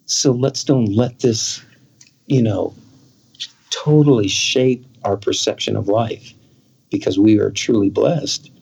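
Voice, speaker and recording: A man's voice: fairly low pitch, slow pace, vocal fry, darkish tone, husky, low-quality recording. A man as a guest in an interview, talking in an earnest storytelling way and acting out quoted dialogue. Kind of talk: conversational interview.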